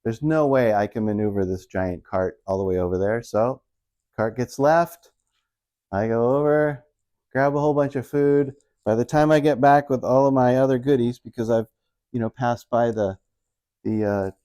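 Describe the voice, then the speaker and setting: A man's voice: on the low side, steady tone, normal speed, warm tone. A middle-aged man doing casual stand-up storytelling, rambling and self-mocking as he retells everyday married life. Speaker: stand-up comedian.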